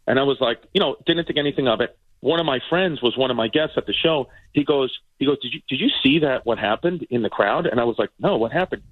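Fast-talking male comedian on the radio. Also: mid-range voice, no echo, narrow, tinny audio. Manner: animated, acts out family members' voices. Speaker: comedian guest. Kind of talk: casual storytelling chat.

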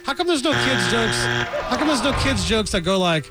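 A man's voice: extremely high pitch, animated, loud music behind the voice. A man guesting as a comedian on a radio show, cracking wry jokes. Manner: wry, quick joking. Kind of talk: call-in radio banter.

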